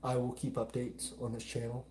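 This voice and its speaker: A man's voice: medium pitch, little pitch movement, a little fast, a little mellow, a little hiss or hum. A young man with a mild Alabama accent, hosting a live stream and earnestly reading viewer comments aloud. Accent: mild Southern US (Alabama). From Alabama, United States. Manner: earnest, repeats pleas, reads chat aloud.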